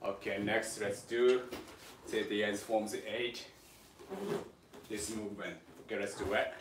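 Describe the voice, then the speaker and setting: A man with a Japanese accent leads a livestreamed sword lesson from home. He talks haltingly, with many fillers, coaching and reassuring his students. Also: on the low side, little pitch movement, background noise. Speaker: sword instructor.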